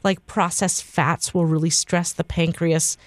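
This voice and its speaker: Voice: mid-range voice, little pitch movement, unhurried, dry recording. A veterinarian guest on a call-in radio show, explaining dog diets in a conversational way.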